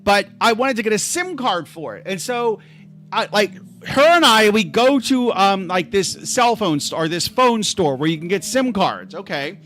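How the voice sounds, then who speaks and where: A man's voice: high-pitched, lively intonation, normal speed, a bit bright, soft background music. A man hosting a livestream, telling a travel story to his chat in a rambling, self-interrupting way. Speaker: livestream host. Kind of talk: casual storytelling to a live chat.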